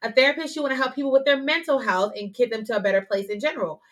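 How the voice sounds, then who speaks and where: A young adult woman co-hosting a casual podcast chat, blunt and animated as she tells stories. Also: a little high, very fast. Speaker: podcast co-host.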